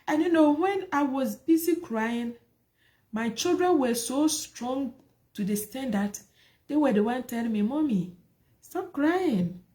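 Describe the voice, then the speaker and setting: A woman's voice: high-pitched, expressive, a little slow, dark tone. A woman sharing her personal life story, emotional and repetitive, with many rhetorical questions. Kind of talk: personal testimony talk.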